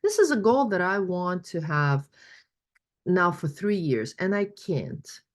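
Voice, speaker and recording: A woman's voice: lowish voice, sing-song, slow. A woman acting out a frustrated female workshop participant, her voice raised and pleading.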